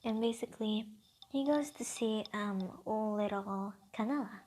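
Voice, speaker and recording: A woman's voice: medium pitch, unhurried, a little mellow. A woman casually improvising a fan-fiction story, rambling and hesitant, often half-whispering.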